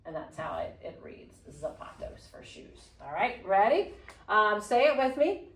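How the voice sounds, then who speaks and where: A woman teaching a Spanish class, slowly modeling phrases for students to repeat. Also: medium pitch, very animated, fairly bright tone. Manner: patient, slow modeling of phrases. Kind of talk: classroom lesson. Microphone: phone camera propped on a water bottle. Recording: echoey classroom.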